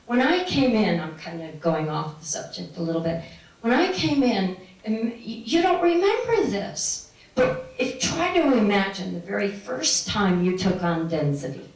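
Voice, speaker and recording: A woman's voice: medium pitch, sing-song, moderate pace. A middle-aged woman telling a personal spiritual story to a live audience, meandering and laughing often. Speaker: spiritual speaker. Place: room with an audience. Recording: very echoey room, distant mic.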